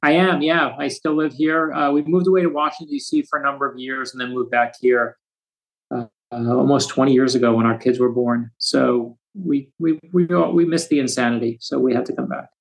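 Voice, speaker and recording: A man in his fifties from the United States, an author telling stories with quick asides as a podcast guest. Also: medium pitch, fairly even intonation, gravelly, poor audio. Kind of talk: storytelling interview.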